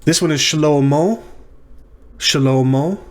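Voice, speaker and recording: A man teaching a recorded lecture, talking through each exercise step by step. He thinks aloud, pauses on ums and corrects himself as he goes. His voice sits at an ordinary middle pitch.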